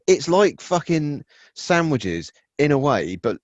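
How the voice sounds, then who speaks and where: A man's voice: on the high side, very animated, takes it slowly, dry recording. A man co-hosting a casual podcast chat, rambling and cursing, often stopping to restart his sentences. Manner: rambling, self-interrupting, profane. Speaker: podcast co-host. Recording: dull, dry lo-fi sound.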